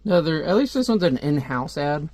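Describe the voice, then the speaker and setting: Man reviewing a comic, rambly and chatty, slightly high voice. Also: very animated, fairly quick, a little mellow. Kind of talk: casual comic review read-aloud.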